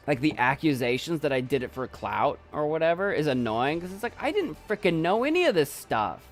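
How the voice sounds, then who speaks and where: A man's voice: on the high side, big pitch swings, a little fast, faint music behind. A young man streaming from his desk at home, chatting casually in a rambling, self-doubting way and repeating himself. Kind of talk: casual live-stream chat.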